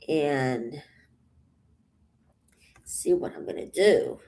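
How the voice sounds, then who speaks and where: A woman vlogging casually as she paints, out of breath and rambling with many pauses, thinking aloud. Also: low voice, expressive, vocal fry, mellow. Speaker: channel host. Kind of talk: casual vlog while painting.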